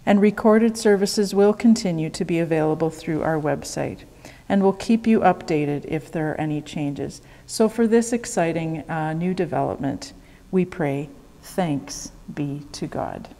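A woman, a worship leader giving church announcements and leading prayer in a calm, measured way. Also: sits low, big-room sound. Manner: calm, measured, reads prayer responses slowly.

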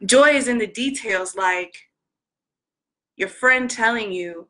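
A woman vlogger talking in an earnest, gentle way, retelling a scene and acting out its quoted lines. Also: a little high, slow pace, long pauses, rough recording. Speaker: inspirational vlogger. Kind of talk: heartfelt storytelling monologue.

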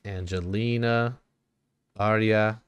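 A young man reacting to clips on a live stream, talking loudly, swearing and greeting his chat by name. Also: on the low side, fairly even intonation, takes it slowly, clean tone, no echo.

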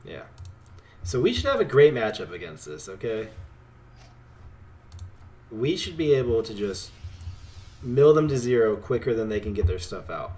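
A man giving casual commentary while playing a card game, talking to his opponent and swinging between excited outbursts and quiet muttering. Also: on the low side, moderate pace, pauses often.

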